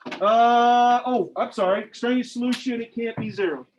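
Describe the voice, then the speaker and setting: High-voiced joking math teacher. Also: male voice, normal speed, a little hiss or hum. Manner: informal, joking, quizzes students. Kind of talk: classroom teaching. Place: classroom. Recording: dull lo-fi classroom recording.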